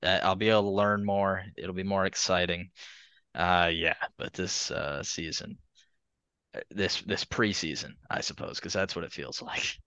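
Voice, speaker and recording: A man's voice: low-pitched, steady tone, normal speed, sharp tone, clean tone, dry recording. A man co-hosting a podcast, rambling through a casual sports chat and laughing between points. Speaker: podcast co-host. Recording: slightly muffled lo-fi audio.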